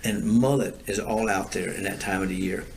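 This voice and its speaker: Older man, from Florida, deepish voice, rambling storyteller, casual chat. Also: fairly even intonation, normal speed, gravelly, slight background noise. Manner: rambling, repeats himself, laughs at his own stories. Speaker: storyteller guest. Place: outdoors.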